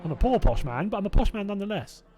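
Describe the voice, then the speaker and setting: Chatty southern English race commentator. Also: male voice, high voice, sing-song, quick pace, background noise. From Hertfordshire, England. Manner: chatty and rambling, self-doubting asides, laughing to himself. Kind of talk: live sim racing commentary, chatting with viewers.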